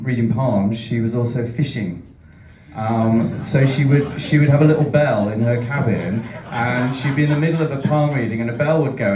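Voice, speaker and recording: A man from Yorkshire tells rambling, self-mocking stories at a book launch. His voice is mellow and even. It comes from a distance in an echoey room. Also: medium pitch. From Yorkshire, England. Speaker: author. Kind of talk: casual chat at a live book launch. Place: event room. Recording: roomy hall, mic far off.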